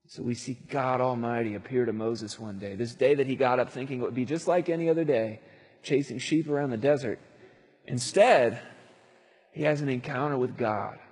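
A man preaching a sermon, retelling a story in an animated way with acted-out voices. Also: medium pitch, normal speed, husky. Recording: long hall reverb.

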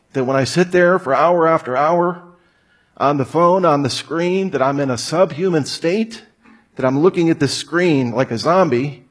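The speaker is a man with a fairly high, breathy-edged voice, giving a comic lecture to a crowd that leans on rhetorical questions, jokey asides, and put-on voices.

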